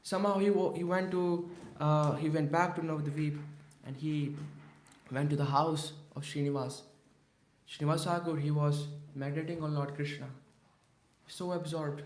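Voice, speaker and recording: A man tells a devotional story to a class, his voice a touch high and lively, full of restarts and repeated phrases. The hall gives his words a roomy echo. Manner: animated, many restarts and repetitions. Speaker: religious class speaker. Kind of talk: storytelling sermon. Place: temple hall. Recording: echoey hall.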